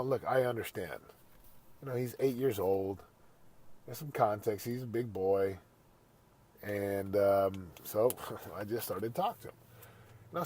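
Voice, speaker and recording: A man's voice: fairly low pitch, a little mellow, slight background noise. A man hosting a motivational podcast, telling a family story in an earnest, conversational way and turning it into a pep talk. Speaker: podcast host; father.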